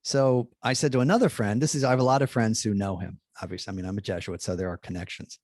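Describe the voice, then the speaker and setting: A man, a Jesuit priest, telling an animated anecdote in a chatty way, full of fillers and restarts, acting out the dialogue. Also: fairly low pitch, quick pace, no echo, clean studio sound. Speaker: Jesuit priest, guest speaker.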